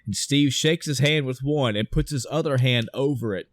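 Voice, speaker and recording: Male podcast co-host, mid pitch, animated play-by-play recap, dry close recording. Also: moderate pace, no room sound. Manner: excited retelling with swearing and quoted dialogue. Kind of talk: casual film discussion.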